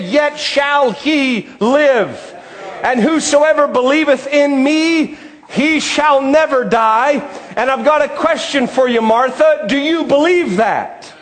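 A man with a strikingly high voice delivers a fervent sermon. He swings between measured reading and loud, ringing emphasis, stretching out the words he wants to land. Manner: impassioned preaching, often shouting, drawn-out emphasis. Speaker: preacher.

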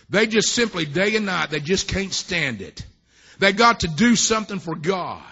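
A man preaching a sermon at a church service, telling folksy, rambling stories that swell into fervent shouts. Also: high-pitched, sing-song, normal speed, breathy edge. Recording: dull lo-fi recording.

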